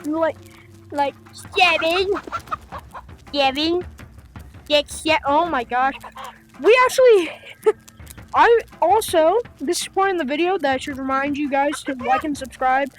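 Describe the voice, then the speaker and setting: This young gaming host has a high voice with lively intonation and an unhurried delivery, soft music playing behind her. She chats to viewers in a rambling, playful style with plenty of fillers.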